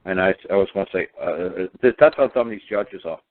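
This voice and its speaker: A low-pitched man talks a little fast during a phone talk show discussion, and the audio comes over a phone line. He hammers each point emphatically with a string of repeated rhetorical questions.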